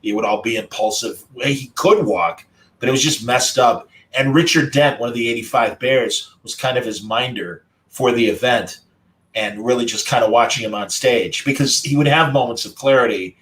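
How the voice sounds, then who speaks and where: A man's voice: mid-range voice, moderate pace, low-quality recording. Chatty man telling a story. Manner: conversational storytelling, warm recollection; former radio broadcaster's delivery. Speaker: podcast host. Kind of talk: casual group chat.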